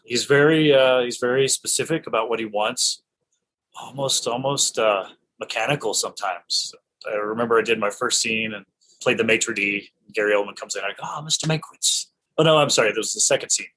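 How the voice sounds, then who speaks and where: A middle-aged male actor being interviewed, telling lively anecdotes in casual chat and laughing often. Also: fairly low pitch, brisk, low-quality recording.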